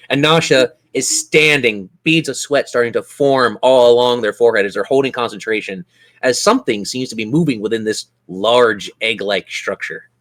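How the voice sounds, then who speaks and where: A man's voice: mid-range voice, fairly bright tone. A man running a tabletop role-playing game as game master, narrating scenes and explaining rules in an easygoing way.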